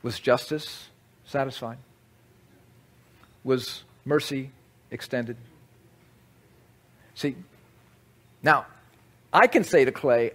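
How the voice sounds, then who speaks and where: A man's voice: mid-range voice, big pitch swings, slow, long pauses, fairly bright tone. A man preaching a conversational sermon, teaching with asides to the audience. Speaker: pastor.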